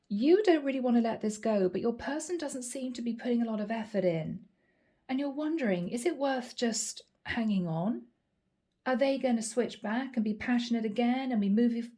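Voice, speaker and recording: Woman reading tarot cards, chatty, stretches words out, fairly high mellow voice. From Ireland. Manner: chatty, drawn-out emphatic phrasing. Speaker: tarot reader.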